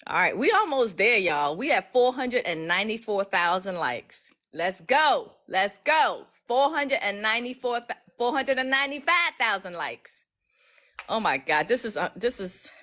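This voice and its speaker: A woman's voice: mid-range voice, fairly bright tone. Emotional chatty woman on a livestream. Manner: emotional, chatty, with many restarts. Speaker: legal educator streaming live. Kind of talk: casual livestream talk to followers.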